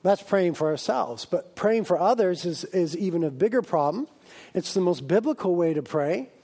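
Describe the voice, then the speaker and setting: A man preaching a sermon as a pastor, lively and humorous, acting out exaggerated voices of his listeners. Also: high voice, normal speed. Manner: animated, acts out comic voices of his congregation.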